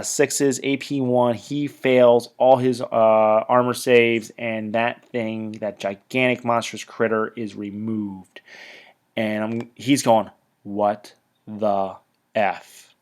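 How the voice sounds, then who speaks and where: A man giving a casual battle report on a tabletop wargame. His voice sits at an ordinary middle pitch. He talks in chatty stop-start bursts and drifts into trailing asides.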